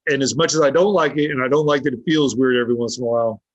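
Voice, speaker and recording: A man's voice: medium pitch, fairly even intonation, rapid-fire, dry recording. A man guest on a podcast telling a story, blunt and swearing freely, acting out what others said to him. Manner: blunt, heavy swearing, acts out quoted dialogue. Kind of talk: casual storytelling. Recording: dull lo-fi dry sound.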